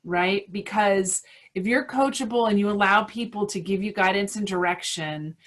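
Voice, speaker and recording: A woman talks on a team call, candid and a little self-deprecating, with the odd "um". She sits at a medium pitch for a woman. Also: moderate pace, a bit bright. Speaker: guest team leader on a call. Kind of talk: casual talk on a team call.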